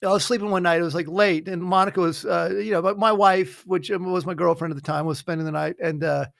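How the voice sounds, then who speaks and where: Gravelly halting man, slightly high. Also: fairly even intonation, no echo, studio quality. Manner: halting, many fillers and restarts, wry jokes. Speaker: podcast co-host. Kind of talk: casual chat.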